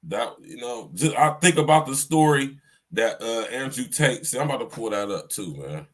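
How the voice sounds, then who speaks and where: A man's voice: medium pitch, lively intonation, moderate pace. A man hosting a livestreamed podcast, lecturing his listeners in a preachy, repetitive way and talking straight to them. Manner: preachy, repeats himself, addresses listeners directly. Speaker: podcast host. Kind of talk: livestream commentary.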